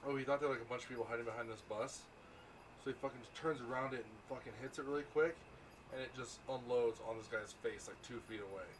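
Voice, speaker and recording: A man's voice: mid-range voice, fast talker. A man chatting casually with friends on an outdoor patio, rambling and swearing often. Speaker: host. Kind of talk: casual chat. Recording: noisy outdoor ambience.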